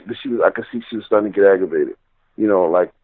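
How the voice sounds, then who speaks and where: A man's voice: deep voice, very fast, no echo. A man telling a personal story in a rambling, casual way, full of "you know" and "like". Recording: tinny phone line.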